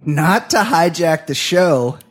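A man hosting a comedy podcast, bantering excitably with lots of swearing. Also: on the high side, slow pace. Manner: profane, excitable, laughing banter. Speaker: podcast host. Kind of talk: casual comedy podcast chat.

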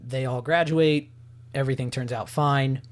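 Casual male co-host, mid-pitched voice, rambly plot recap. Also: fairly even intonation, normal speed. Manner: rambling, loose storytelling with many fillers. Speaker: podcast co-host. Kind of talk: casual movie recap chat.

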